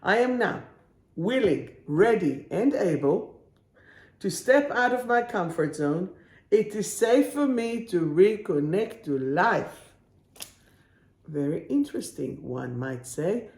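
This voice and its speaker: Lady spiritual coach reading cards on a live stream, slow soothing talk, echoey room. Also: on the low side, expressive, darkish tone. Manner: slow, soothing, affirming delivery.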